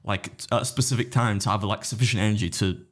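Fast-talking man telling stories. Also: lowish voice, fairly even intonation, fairly bright tone. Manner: rapid anecdotal storytelling, acting out others' quotes; swears freely. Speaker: podcast co-host and competitive eater. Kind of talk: casual podcast chat.

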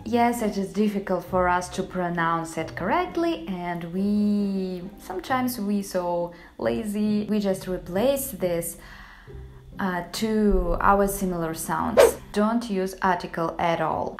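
A woman from Russia with a Russian accent hosting a casual vlog, explaining things in a deliberate, plain way. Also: medium pitch. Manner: deliberate, plain-spoken teaching. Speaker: vlogger host. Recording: echoey room with faint noise.

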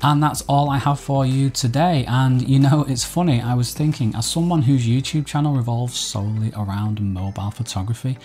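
A man's voice: medium pitch, steady tone, normal speed, few pauses, a little mellow, faint music behind. A man hosting a mobile photography channel, explaining an editing app in a casual tutorial to camera, with chatty, self-deprecating asides.

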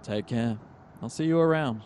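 A man's voice: medium pitch, moderate pace, a little mellow, slight background noise, lightly acted. A man voicing a sardonic male vampire fixer who talks in a dry, condescending way. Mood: smug.

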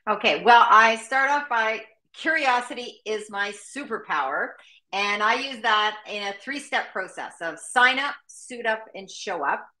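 Bright-voiced woman in an echoey room. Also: on the high side, lively intonation, a little slow. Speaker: guest. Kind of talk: casual chat.

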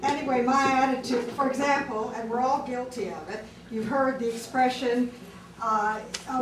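A woman doing stand-up comedy on a club stage, telling jokes in a slow, deliberate way with filler pauses. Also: high-pitched, fairly even intonation. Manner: deliberate, drawn-out joke delivery with filler pauses. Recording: roomy club sound from far off, crowd noise.

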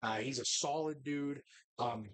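A man's voice: mid-range voice, unhurried. A man hosting a live bar show, chatting casually in a rambling, profane, jokey way.

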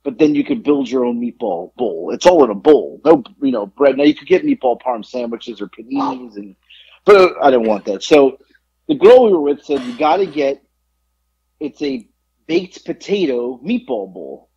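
A man co-hosting a podcast in casual chat, telling a story with lively acted-out quotes and free swearing. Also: mid-range voice, moderate pace, gravelly, husky, highs cut off. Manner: animated storyteller, acts out quotes, swears freely. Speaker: podcast co-host.

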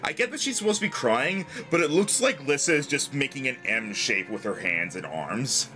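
A man's voice: medium pitch, expressive, normal speed, sharp tone, soft background music. Wry man riffing on a game. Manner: wry, teasing. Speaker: let's play co-host. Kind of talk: casual commentary.

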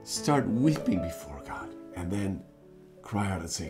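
A man preaching a devotional sermon, earnest and pleading, moving between hushed words and fervent appeals. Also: low-pitched, sing-song, unhurried, over loud music.

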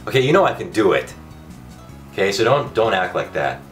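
A man commentating his own gameplay for a comic video, loud and excitable, ranting and yelling at the game, his voice going hoarse. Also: low-pitched, normal speed, pauses often, far from the mic, music in the background. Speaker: gaming video host.

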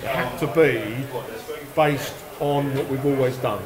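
A man's voice: mid-range voice, measured pace. A man answering interview questions as the owner behind a tool show. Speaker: show organiser. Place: busy tool trade show. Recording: noisy crowd behind.

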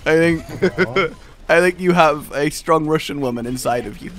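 A young man commentating a video game with friends, excitable and quick to shout and laugh. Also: on the high side. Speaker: gaming YouTuber. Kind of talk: casual gameplay commentary with friends.

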